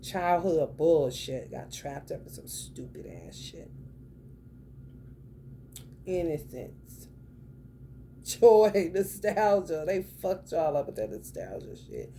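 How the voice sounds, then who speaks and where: A woman's voice: low voice, sing-song, slow, pauses often. Brief: young woman, profane tarot reader, blunt and slangy, faint background hiss. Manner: blunt, profane, slangy, swings between loud and muttered. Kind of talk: casual spoken tarot reading.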